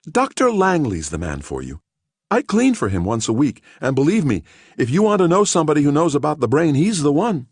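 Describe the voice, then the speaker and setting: A man's voice: on the high side, huge pitch swings, fairly quick, darkish tone, husky, no room sound, clean studio sound, pitched above the performer's own voice, heavily acted. A man reading an audiobook, voicing an earnest, kindly woman in her fifties with a fussy, pitying manner. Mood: eager.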